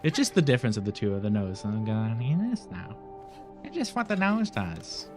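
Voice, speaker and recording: A man's voice: on the low side, sing-song, brisk, over music. Nasal young man chatting on stream. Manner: rambling, laughs often, swears casually. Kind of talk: casual gaming stream chat.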